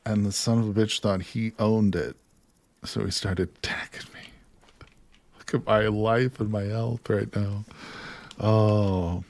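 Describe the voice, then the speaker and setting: A man commentating live on his survival gameplay, talking to viewers and swinging between quiet mutters and excited outbursts. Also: on the low side, slow, long pauses. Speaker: gaming streamer.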